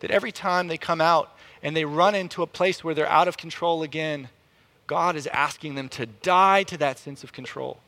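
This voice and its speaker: A man preaching a sermon in an animated way, often repeating words as he restarts a thought. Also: normal speed. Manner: animated, rises in pitch and volume to act out quotes.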